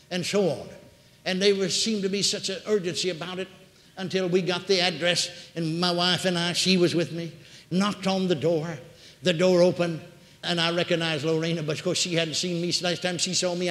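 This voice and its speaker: A man preaching a storytelling sermon, swinging dramatically between hushed and loud delivery. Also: high-pitched, steady tone, moderate pace. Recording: echoey hall.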